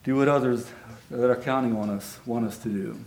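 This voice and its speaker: A man's voice: mid-range voice, fairly quick, darkish tone, a little hiss or hum. A man who reads a children's story aloud and then preaches a sermon, in an earnest manner with frequent restarts.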